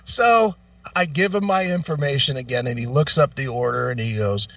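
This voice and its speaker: A man's voice: medium pitch, moderate pace, a bit bright, no room sound, distant mic, dull audio. A man hosting a radio show, telling a profane, exasperated story in a casual rant. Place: radio studio.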